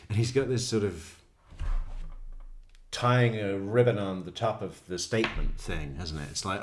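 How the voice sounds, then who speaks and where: A man's voice: fairly low pitch, a little slow, long pauses, a little hiss or hum. A man giving sardonic true crime commentary, laughing often at what he plays. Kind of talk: casual commentary.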